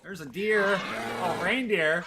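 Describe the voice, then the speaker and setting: A man's voice: high voice, takes it slowly, very noisy. A man streaming a video game, rambling playfully to his chat as he plays. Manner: rambling, playful, talks to chat while playing. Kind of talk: casual gameplay commentary.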